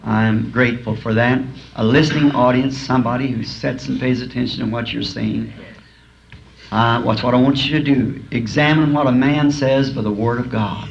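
A man preaches in a folksy, storytelling way and laughs softly at his own jokes. He speaks at a middling pitch. The old tape sounds dull and lo-fi, with a faint hiss underneath. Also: fairly even intonation, normal speed, gravelly. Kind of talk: folksy sermon with humorous anecdotes. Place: school auditorium before a congregation.

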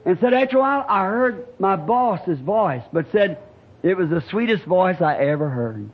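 A man preaching a revival sermon, telling a folksy story in plain rural speech and building to shouting climaxes. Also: high-pitched, animated, moderate pace, breathy edge. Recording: dull lo-fi archival tape with faint hiss.

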